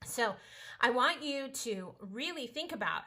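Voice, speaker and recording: A woman's voice: a little high, animated, unhurried, bright, forceful tone. A woman teaching a casual home-school science lesson, chatty, playful and encouraging.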